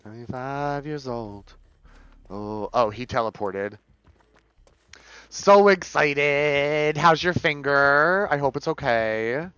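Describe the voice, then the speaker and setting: A man's voice: unhurried, pushed and bright, clear, resonant tone, no room sound. Campy chatty man on lo-fi stream audio. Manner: chatty and campy, reading chat aloud, swinging pitch. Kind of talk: casual live-stream chat.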